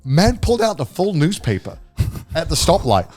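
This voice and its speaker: Animated man telling a story. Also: fairly high pitch, moderate pace, dry recording, soft background music. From Ireland. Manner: animated, laughs while telling stories, acts out quoted voices. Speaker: podcast co-host. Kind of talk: casual chat, storytelling.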